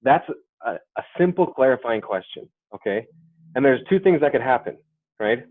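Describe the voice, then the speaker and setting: A man's voice: medium pitch, expressive, normal speed, no echo. A man giving a sales training webinar in a conversational way, often checking in with "right?" and "okay?". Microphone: computer or headset mic on a webinar. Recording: dry, phone-like webinar audio.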